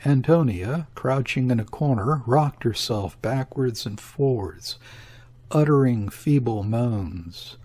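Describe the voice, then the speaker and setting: A man narrating a classic novel as an audiobook, measured and even. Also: mid-range voice.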